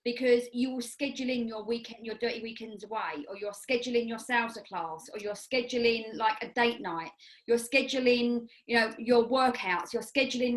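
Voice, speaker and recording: English woman, podcast coach, chatty and rambling, somewhat high voice. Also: normal speed, low-quality recording. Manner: rambling, self-correcting, chatty. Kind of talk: casual chat.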